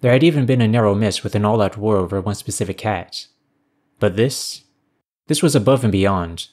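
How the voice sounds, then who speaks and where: A man narrating a science fiction story in a measured, even storytelling manner. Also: lowish voice.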